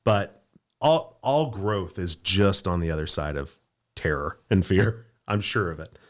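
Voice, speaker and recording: A man's voice: low-pitched, expressive, a little slow. A man hosting a casual podcast, chiming in with upbeat motivational remarks. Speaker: podcast host. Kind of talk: casual chat.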